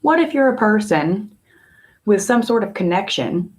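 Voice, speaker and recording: A woman tarot reader in a casual spiritual talk, musing in a slow, meandering way with long pauses. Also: medium pitch, big pitch swings, darkish tone.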